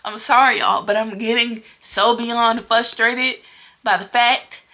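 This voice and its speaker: A woman's voice: on the high side, fairly even intonation, unhurried, bright, forceful tone. A young woman book vlogger talking casually to her viewers, venting in exasperation with repeated exclamations. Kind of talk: casual vlog talk to camera.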